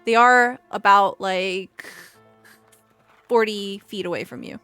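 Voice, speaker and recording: A woman in the game master's seat, narrating scenes at a quick, chatty clip with plenty of fillers. Her voice sits mid-range and sounds dry and close, with faint music underneath. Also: medium pitch, sharp tone, smooth, no echo.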